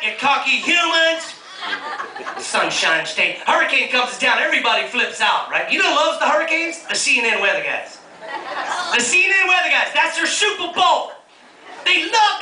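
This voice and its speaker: A man doing stand-up comedy, loudly teasing the crowd with mocking banter before a live audience. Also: very high-pitched, noisy background. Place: cruise ship lounge before a live audience. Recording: echoey lounge taped from far off. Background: audience laughter.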